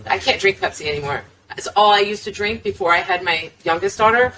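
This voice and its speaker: A middle-aged woman hosting a casual podcast interview, upbeat with quick reactions and chatty asides. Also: mid-range voice, pushed and bright, distant mic, slight background noise, rough recording. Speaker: podcast host.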